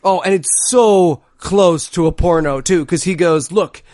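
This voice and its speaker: A man's voice: on the high side, measured pace, a little mellow, no room sound, studio quality. A man co-hosting a comedy podcast, making crude jokes about a movie. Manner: crude, joking. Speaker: podcast co-host.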